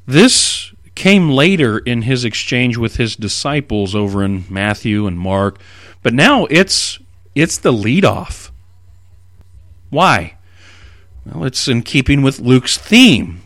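A man preaching an expository sermon, reading scripture aloud and explaining it with animated emphasis. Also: medium pitch, takes it slowly, no room sound, studio quality.

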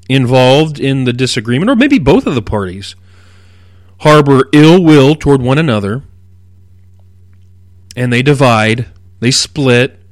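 A middle-aged man hosting a radio Bible teaching program, explaining at a measured pace and leaning hard on key words. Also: medium pitch, no room sound, studio quality. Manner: measured, explanatory delivery with emphatic stresses.

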